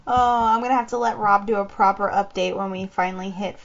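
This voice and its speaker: A woman's voice: mid-range voice, steady tone, brisk, highs cut off. A woman co-hosting a podcast in upbeat, giggly casual chat. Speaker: podcast co-host.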